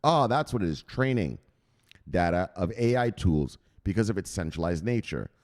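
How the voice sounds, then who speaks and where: A man's voice: deep voice, expressive, normal speed. A man presenting crypto news, reading an article aloud and breaking off into casual, chatty asides to his viewers. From United States. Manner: chatty, digressive, asks viewers to google things.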